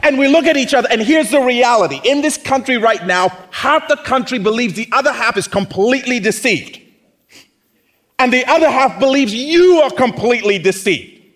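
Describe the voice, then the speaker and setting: A man's voice: very high-pitched, expressive, moderate pace, fairly bright tone. A man preaching a sermon in a conversational, teasing way, often acting out mocking quotes.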